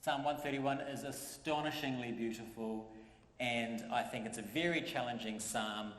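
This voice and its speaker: A man's voice: mid-range voice, fairly bright tone. A man preaching a sermon as pastor, in a conversational way that repeats phrases for emphasis. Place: church. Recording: echoey church hall.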